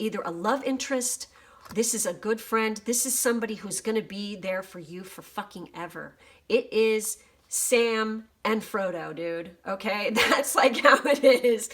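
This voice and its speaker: A woman's voice: mid-range voice, a bit bright. A woman doing a casual tarot reading on her channel, reading aloud from a guidebook and reacting freely with swearing and emotion. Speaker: tarot reader. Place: home office.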